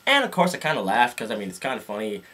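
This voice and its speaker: Brief: young male vlogger, comic sarcastic rant, husky voice, very expressive delivery. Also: on the low side, rapid-fire. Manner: sarcastic, animated, jumps into funny voices.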